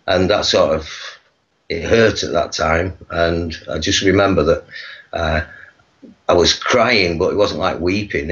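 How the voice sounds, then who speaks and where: A man from England, a guest on a video call, telling his life story in a halting way full of pauses. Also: deep voice, a bit bright, lo-fi sound. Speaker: guest, activist.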